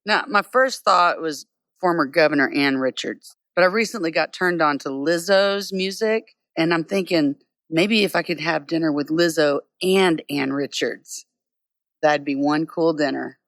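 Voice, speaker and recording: A woman singer-songwriter chats easily as an interview guest, speaking enthusiastically about music she loves. Her voice is bright and forward, recorded close and dry. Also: sits low, a little slow, no room sound. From United States. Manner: easygoing, enthusiastic, warm praise. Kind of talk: casual interview chat. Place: on stage at a bar.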